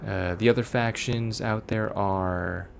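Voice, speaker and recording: Man, from Florida, let's play commentary, sarcastic, rambling, low gravelly voice. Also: steady tone, slow pace, slight background noise. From Florida, USA. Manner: rambling, sarcastic, digressive storytelling. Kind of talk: casual gameplay commentary.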